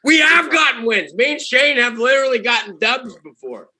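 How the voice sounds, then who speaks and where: A man's voice: extremely high pitch, expressive, moderate pace, pushed and bright. A man in casual podcast chat, pushing his friends to play a game with him tonight. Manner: pushy, rallying friends. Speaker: podcast co-host.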